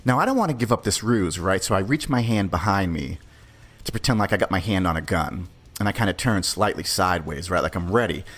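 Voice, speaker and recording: A man's voice: deep voice, expressive, fairly quick, a bit bright, soft background music. A man hosting a podcast, telling a story in a brash, profane, conversational way. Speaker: podcast host. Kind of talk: casual storytelling.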